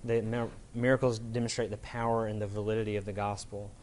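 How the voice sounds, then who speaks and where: Guy preaching a sermon, earnest, gets louder to stress stuff then drops low at the end of each point. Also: little pitch movement, fast talker, slight background noise. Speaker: pastor.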